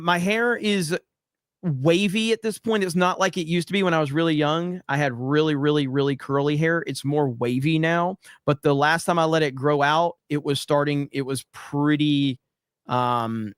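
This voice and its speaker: A man hosting a livestream, reading chat messages and riffing on them in a loose, swearing, laugh-prone way. His voice sits a little high for a man. The sound is dry and close, with no room echo. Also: fairly even intonation, normal speed, clean tone. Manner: loose and profane, laughs often. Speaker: podcast host reading viewer chats.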